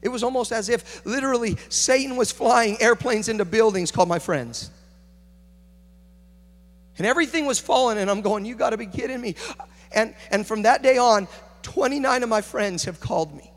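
A man preaching a conference sermon, moving between hushed storytelling and loud, urgent preaching. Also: high-pitched, lively intonation, moderate pace. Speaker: pastor. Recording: long hall reverb.

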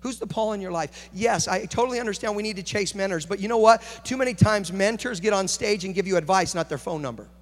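A man preaching a conference sermon, moving between hushed storytelling and loud, urgent preaching. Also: sits high, quick pace, few pauses. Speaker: pastor. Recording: long hall reverb.

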